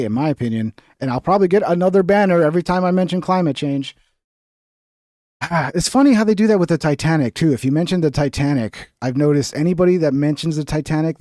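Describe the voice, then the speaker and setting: Blunt, profane male streamer with a mellow voice. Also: on the high side, no room sound, clean studio sound. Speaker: streamer host. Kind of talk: casual reaction commentary.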